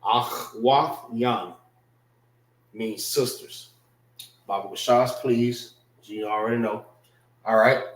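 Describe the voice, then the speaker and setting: Male class teacher, slow and unhurried, roomy echoey sound. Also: fairly low pitch, steady tone. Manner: slow, repetitive, checks in with listeners. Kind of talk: casual vocabulary lesson.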